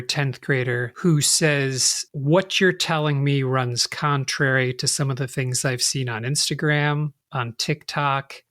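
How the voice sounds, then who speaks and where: Slow, measured male interviewer. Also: mid-range voice, fairly bright tone, no room sound, clean studio sound. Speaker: podcast co-host, interviewer. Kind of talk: interview questions.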